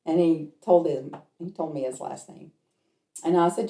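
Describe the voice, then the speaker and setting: Woman, medium, casual storytelling, mellow low voice, roomy echo. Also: moderate pace. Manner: chatty, lively storyteller who acts out the people in her stories.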